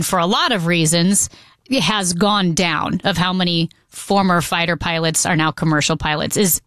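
A woman's voice: lowish voice, a bit bright, clear, resonant tone, no room sound. A woman co-hosting a radio talk show in a teasing, chatty way.

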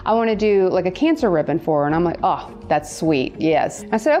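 A woman tattoo artist telling stories in casual chat, laughing often and jumping high in pitch when she quotes people. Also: animated, unhurried, a little mellow, lo-fi sound, faint music behind. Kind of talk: casual storytelling.

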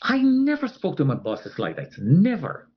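A man's voice: fairly high pitch, wildly swooping pitch, moderate pace, lo-fi sound. A man telling a personal story as an interviewee. He talks animatedly and acts out the other people's voices.

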